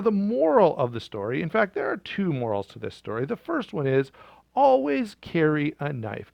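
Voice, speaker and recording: Gravelly, upbeat storytelling man. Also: on the high side, no echo. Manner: jokey, upbeat, conversational. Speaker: knife channel host. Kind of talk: humorous storytelling vlog.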